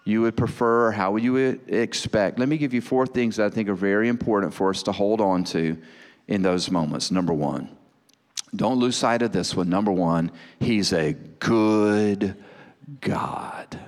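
A man preaching a sermon, repeating phrases and building to fervent shouts. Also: on the low side, moderate pace. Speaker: pastor. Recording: long hall reverb.

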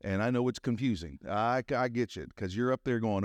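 A man's voice: medium pitch, brisk, few pauses, no room sound, clean studio sound. A man in his sixties with a Southern US accent, preaching a conference sermon in a folksy, joking way that builds to rousing calls for an amen. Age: 60s. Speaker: pastor.

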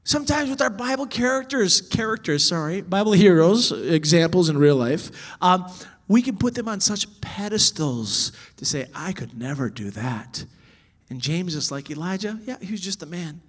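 A man teaching church workers about children's ministry, animated, swinging from loud emphasis to soft whispers. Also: fairly high pitch, normal speed.

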